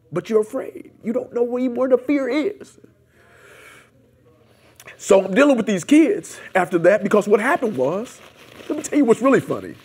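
A man with a husky, somewhat breathy voice tells his story in an oral history interview. He acts out the dialogue and prayers along the way. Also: extremely high pitch, lively intonation, normal speed. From United States. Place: seminary room.

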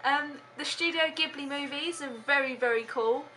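A woman's voice: high voice, normal speed, sharp tone, a little hiss or hum. A young woman vlogging casually from home, giggling often and rambling with lots of hesitant ums.

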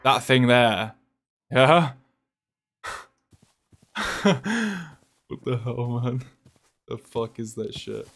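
A man's voice: medium pitch, little pitch movement, takes it slowly, vocal fry, fairly bright tone. A young man with an English accent, chatting casually with his live-stream viewers while he plays, reading out chat and swearing offhandedly. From England. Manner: laid-back, chatty, swears casually, reads chat aloud.

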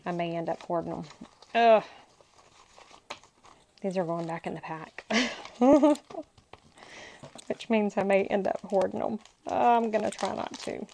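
A woman's voice: mid-range voice, steady tone, moderate pace, vocal fry, long pauses, dark tone, slight background noise, low-quality recording. A woman hosting a crafting channel, chatting casually and gushing to herself as she unboxes paper supplies. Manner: gushing, talks to herself while handling paper.

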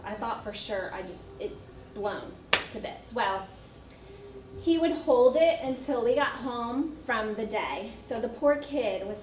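A woman's voice: medium pitch, noisy background. Middle-aged female educator, storytelling chat, echoey room with faint ambience. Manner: chatty storytelling with laughs. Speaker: early childhood educator. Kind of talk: parent training talk. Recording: echoey room, mic at a distance.

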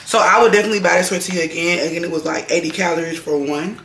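A woman's voice: lowish voice, racing, a bit bright, echoey room, slight background noise. A woman, chatting candidly and rambling to her vlog camera in her home kitchen, swearing casually. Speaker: lifestyle vlogger.

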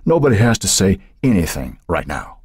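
A man reading aloud and voicing a police chief who speaks in a measured, soothing but authoritative way. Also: low voice, very animated, a little mellow, breathy edge, dry recording, clean studio sound, full character voice. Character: calm, firm male police chief.

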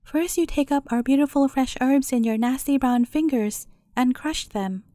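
A woman's voice: high voice, moderate pace, dark tone, dry recording, studio quality, close to an everyday voice. A woman voicing a spirited young boy in a storybook who calls out his wares and speaks his mind. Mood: indignant. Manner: calling out wares, outspoken. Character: spirited young boy, bold market seller.

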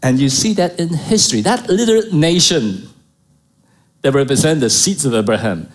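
A man's voice: on the high side, animated, normal speed. A middle-aged man preaching a sermon as pastor, emphatic, repeating key phrases and asking the congregation rhetorical questions.

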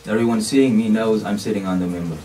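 A man's voice: on the low side, quick pace, dark tone. A man giving an explanatory sermon from the pulpit of a mosque, talking conversationally with frequent "you know" and Arabic phrases. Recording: distant mic with faint background noise.

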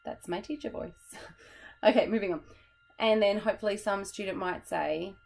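A woman's voice: mid-range voice, normal speed, gravelly, low-quality recording. A young woman teacher, explaining a classroom method in a chatty, tired way and laughing at herself.

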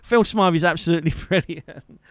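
A man with a fairly high voice, speaking at an ordinary pace, hosts a live music stream from his home setup. He's a guitarist who chats casually with viewers, teasing and joking with fond little asides. The audio is clean and studio-grade, with no echo.

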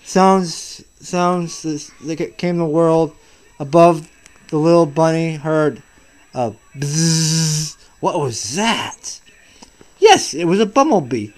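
A man reading a picture book aloud to his child, soft and patient, often stopping and restarting words. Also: fairly high pitch, animated, slow pace.

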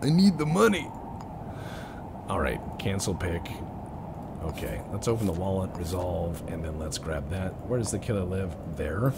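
A man's voice: low-pitched, moderate pace, very noisy. A young man giving casual, joking commentary while playing a game, muttering to himself. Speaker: let's-play gamer.

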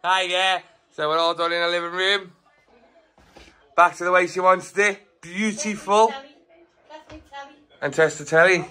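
A man leads an upbeat house tour, talking straight to the viewers. His voice is bright and forceful, and his slangy talk bounces along. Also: sits high, fairly even intonation, unhurried, long pauses. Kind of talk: casual vlog walkthrough. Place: house being renovated, then walking outdoors.

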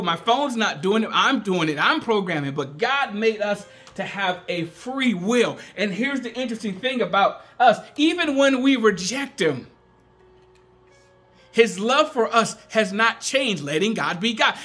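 A man's voice: high voice, pushed and bright. A man preaching a sermon in a conversational, emphatic way, often acting out the voices he quotes.

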